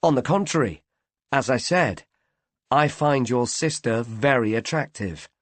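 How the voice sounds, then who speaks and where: A man's voice: mid-range voice, lively intonation, unhurried, dry recording, close to an everyday voice. A man reading an audiobook, voicing a polite young man who answers casually and guardedly.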